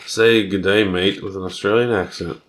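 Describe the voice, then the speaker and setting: In a casual podcast conversation, this male co-host rattles off questions and ribs his partner. He speaks with a low, steady, slightly bright voice, and there's a little hiss or hum on the audio.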